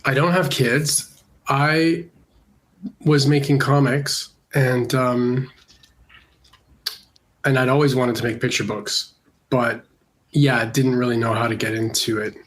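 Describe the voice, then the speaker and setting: A middle-aged man from Canada, an illustrator with a cold, talking casually in an interview, relaxed and hesitant with many fillers. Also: medium pitch, slow pace, pauses often. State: congested from a cold. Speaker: illustrator guest.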